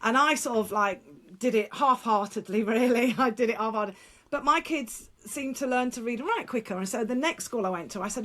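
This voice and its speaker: Blunt, lively woman with a higher voice. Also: a little fast. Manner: lively, frank and blunt, with laughs, restarts and mild swearing. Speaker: guest speaker and former teacher. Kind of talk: casual interview storytelling.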